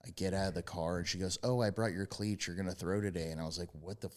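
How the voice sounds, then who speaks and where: A young man, a former quarterback and podcast guest, telling brash, profane stories in casual chat and breaking into yelled impressions. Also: sits low, fairly even intonation, fast.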